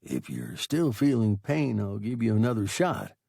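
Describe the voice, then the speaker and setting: A man reading a gruff tough space captain. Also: on the low side, wildly swooping pitch, normal speed, no room sound, studio quality, exaggerated voice. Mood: firm. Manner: firm, trying to sound soft.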